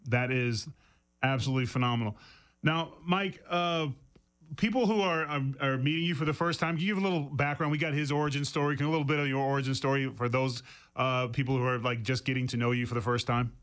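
A man's voice: medium pitch, fairly even intonation, quick pace, a bit bright, clear, resonant tone. Chatty male radio host. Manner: chatty, joking, stumbles into questions. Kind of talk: radio interview.

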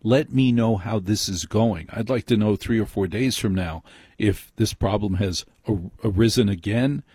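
A man hosting a late-night call-in radio show, speaking in measured, emphatic declarations. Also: fairly low pitch, a little mellow, breathy edge, no echo. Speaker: radio host. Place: radio studio.

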